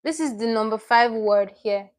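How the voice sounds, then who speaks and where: A woman's voice: a little high, normal speed. Chatty woman teaching a live class. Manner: chatty, repeats and corrects herself; reads out viewers' names and comments. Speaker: online Korean teacher. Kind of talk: live-stream lesson.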